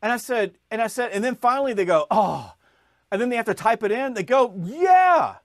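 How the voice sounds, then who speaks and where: A man with a fairly high speaking voice tells a story with lots of energy, jumping up in pitch as he acts out the people in it. The sound is dry and close, with no room around it. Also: brisk, no echo. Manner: lively storyteller, acts out voices, rises in pitch when excited. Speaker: podcast guest, sales author. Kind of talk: animated storytelling in conversation.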